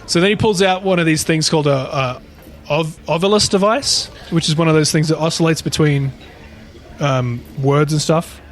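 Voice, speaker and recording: A man's voice: a little high, normal speed. A man co-hosting a podcast, casually retelling a paranormal story in a rambling way, with frequent swearing. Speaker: podcast co-host.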